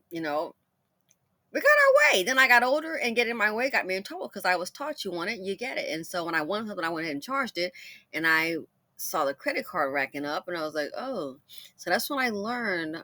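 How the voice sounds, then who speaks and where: A middle-aged woman tells her own stories in a loose, chatty commentary, laughing freely along the way. Her voice is bright and forward, and her pitch swings widely from phrase to phrase. The recording is close and dry, with no room sound around her. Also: big pitch swings, fairly quick, no room sound. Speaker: commentator host. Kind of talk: casual storytelling commentary.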